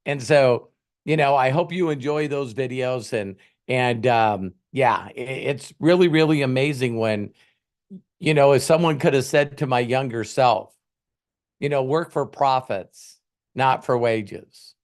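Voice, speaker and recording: A man's voice: mid-range voice, unhurried, a little mellow. A man hosting a casual motivational talk, rambling conversationally and acting out little scenes. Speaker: host, motivational coach.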